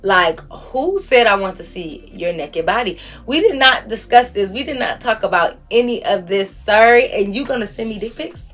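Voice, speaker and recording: A woman vlogger telling a story to her viewers in a casual, animated, exasperated way with plenty of slang. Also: mid-range voice, moderate pace, hardly any pauses, soft background music.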